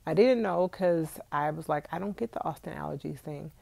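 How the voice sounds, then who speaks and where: A woman's voice: low voice, moderate pace, creaky, a little mellow, no room sound. A young woman congested with allergies, chatting casually and directly to her viewers on a live stream from home. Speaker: vlogger. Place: indoors at home.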